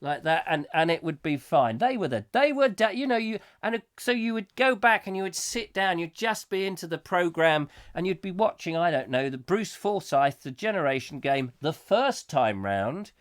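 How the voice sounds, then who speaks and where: A man's voice: on the high side, big pitch swings, moderate pace, few pauses. Rambling male livestream host with a cold. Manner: rambling, reads out viewer comments. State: has a cold. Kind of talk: casual live-stream chat.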